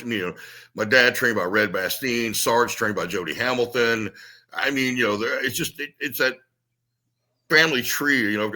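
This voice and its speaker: A man telling blunt, salty wrestling stories in casual talk. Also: fairly low pitch. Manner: blunt, salty, animated storyteller. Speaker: retired wrestler guest. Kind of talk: casual storytelling chat.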